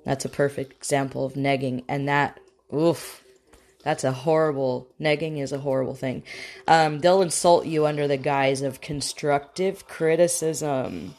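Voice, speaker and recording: A woman's voice: sits low, fairly even intonation, unhurried, darkish tone. A woman hosting a talk show, chatting frankly and casually, acting out the lines she quotes. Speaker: podcast host.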